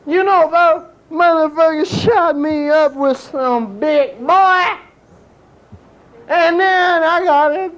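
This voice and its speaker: A man voicing a desperate, strung-out male junkie in a stand-up bit, whining, cracking into sobs and shouts, drawling his profanity. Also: very high-pitched, slow, heavily acted, rough recording.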